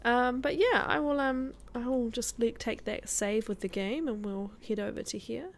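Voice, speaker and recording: Laughing often, a woman offers casual gameplay chatter as a guest streamer in a survival game. She speaks at a moderate pace in a slightly high voice.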